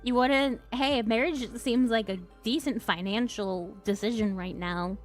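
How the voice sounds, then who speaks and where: A young woman with a fairly high voice chats on her stream, giggling often as she talks. Faint music plays behind her. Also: fairly even intonation, unhurried. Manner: giggly, laughs often, chatty. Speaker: streamer host. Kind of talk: casual chat with viewers.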